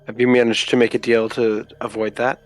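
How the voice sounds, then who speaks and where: A man's voice: mid-range voice, little pitch movement, brisk. Player guy in character, polite n kinda dry, faint music. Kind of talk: in-character role-play.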